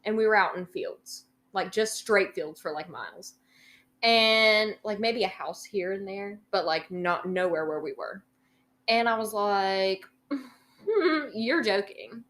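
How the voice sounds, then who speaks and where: A woman's voice: medium pitch, slow pace, a bit bright. Rambling young woman telling a story. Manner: rambling, many ums and likes, swears freely. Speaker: podcast co-host. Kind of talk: casual storytelling chat.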